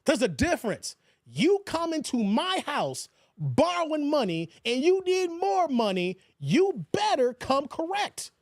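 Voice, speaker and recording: A man hosting a casual live stream, talking in an animated, joking way and mimicking other voices. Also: very high voice, measured pace, no room sound, studio quality. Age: 40s. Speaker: YouTube commentary host.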